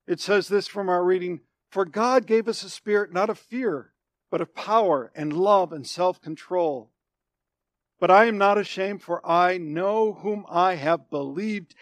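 High-voiced, slow-speaking male preacher. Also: no room sound. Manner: emphatic preaching that swings between loud declarations and hushed, low phrases; repeats and restates phrases for emphasis. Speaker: pastor. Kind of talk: sermon.

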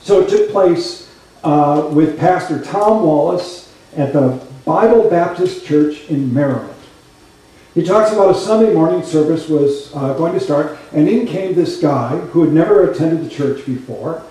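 A man with a high voice preaches a sermon, telling stories with lively, conversational asides. His voice rings through a very echoey church sanctuary. He sounds some distance from the microphone. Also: unhurried. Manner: animated storytelling, conversational asides. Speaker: pastor.

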